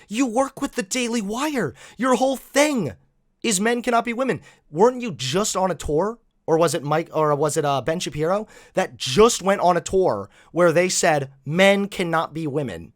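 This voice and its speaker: A man hosting reaction commentary, animated, mocking and profane. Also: high-pitched, moderate pace. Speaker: host.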